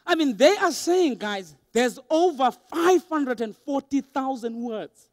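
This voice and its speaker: Man, young adult, motivational speaker, high-pitched, animated, dry close sound. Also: a little slow, dry recording. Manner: animated, acts out quoted voices for laughs. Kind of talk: motivational keynote speech. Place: large hall with a live audience.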